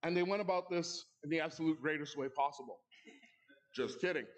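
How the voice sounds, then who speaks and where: A man's voice: a little high, brisk. A man hosting an awards ceremony, telling a comic story with playful asides to the audience at a live event. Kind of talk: comedic storytelling monologue. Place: live event in a club hall.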